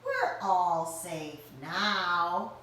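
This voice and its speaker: A woman voicing a calm, kindly male owl who comforts his friends in a slow, reassuring way. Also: fairly low pitch, a little hiss or hum, exaggerated voice. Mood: soothing. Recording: roomy echo, mic at a distance.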